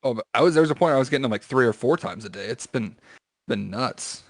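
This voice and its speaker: A man tells a story in easy, casual podcast talk, often breaking into laughter. His voice sits at a middle pitch and sounds close and dry, with no room around it. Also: lively intonation, fast, dry recording. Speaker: podcast host. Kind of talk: casual chat.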